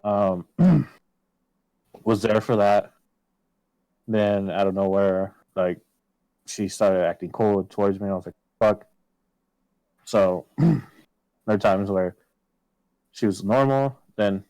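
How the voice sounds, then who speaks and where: Low-voiced man telling a story, swearing a lot. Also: steady tone, slow, long pauses, dry recording, rough recording. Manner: swears a lot, quotes himself loudly. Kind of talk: casual storytelling on a podcast.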